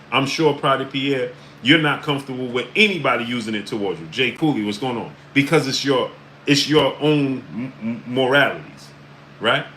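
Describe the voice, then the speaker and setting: Low-quality audio with a bit of background noise captures a mid-range male voice. This New York livestream host keeps things casual, greeting viewers by their chat names and leaning on "right?" and "uh" over and over.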